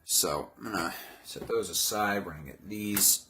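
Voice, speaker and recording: A man's voice: low voice, normal speed, sharp tone, a little hiss or hum. A man chatting casually on a livestream as he builds something, wandering off topic and poking fun at himself. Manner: chatty, wandering, self-mocking asides. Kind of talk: rambling casual livestream chat.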